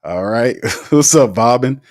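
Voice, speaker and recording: A man hosting a casual live sports talk show, reading out viewer comments in an animated, slangy way and laughing often. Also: mid-range voice, unhurried.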